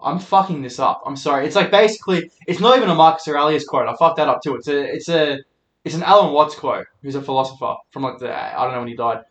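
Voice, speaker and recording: On his own casual solo podcast, a man in his twenties rants loosely, wandering between thoughts, swearing a lot, and mocking his own mistakes. His voice is a bit high and a bit bright for a man, and he talks fast. He uses a handheld mic, and the sound echoes around a roomy space.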